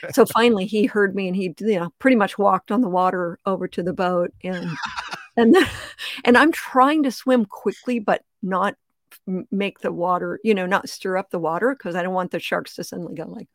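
An older woman chats as a podcast guest, laughing often as she tells her stories. Her voice sits at an ordinary pitch and comes across dry and close, with no room sound. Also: normal speed, dry recording. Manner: laughs often, animated storyteller. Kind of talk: casual interview chat.

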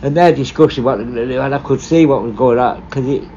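A former prison officer telling stories casually, blunt and full of swearing, rambling and restarting. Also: male voice, medium pitch, quick pace, mellow, muffled recording, a little hiss or hum. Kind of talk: casual storytelling.

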